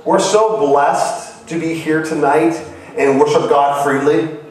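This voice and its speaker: A man's voice: fairly high pitch, takes it slowly. A missionary man from Ohio, preaching a sermon and telling stories earnestly, his voice rising to cries. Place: church hall. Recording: very echoey hall from far off.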